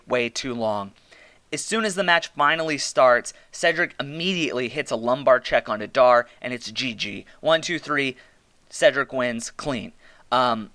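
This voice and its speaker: A man hosts a casual review podcast and talks through it in blunt, exasperated rants with plenty of swearing. His voice is bright and crisp, and it sits close and dry with no room echo. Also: medium pitch. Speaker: podcast host reviewing wrestling.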